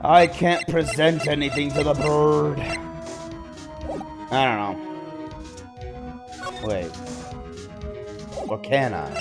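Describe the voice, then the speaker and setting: A man's voice: fairly high pitch, takes it slowly, long pauses. A man streaming a video game, reading its dialogue aloud with casual joking asides. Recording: game music behind the voice.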